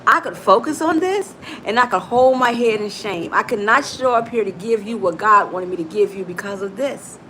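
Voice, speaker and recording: A woman's voice: medium pitch, lively intonation, moderate pace, hardly any pauses, a bit bright, slight background noise, low-quality recording. A middle-aged woman hosting a live motivational talk, emphatic and preachy, calling her listeners "baby". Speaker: motivational coach and host.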